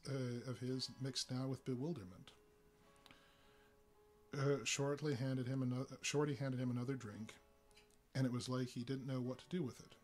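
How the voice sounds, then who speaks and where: Casting: male story reader, mid-pitched and steady, faint guitar under. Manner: steady storytelling with small fillers. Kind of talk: live story reading.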